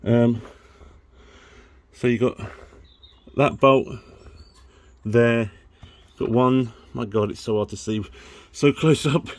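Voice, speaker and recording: A man's voice: mid-range voice, steady tone, slow, pauses often. A man casually talking through a car repair, chatty and easily frustrated, working under the car with the camera close to his face. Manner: chatty, frustrated, swears and laughs at himself. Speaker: car modding vlogger. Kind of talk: casual DIY car vlog.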